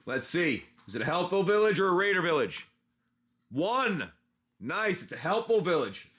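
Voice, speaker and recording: A man's voice: sits high, big pitch swings, normal speed, fairly bright tone. A man running a casual tabletop-style adventure as game master, rambling with many restarts.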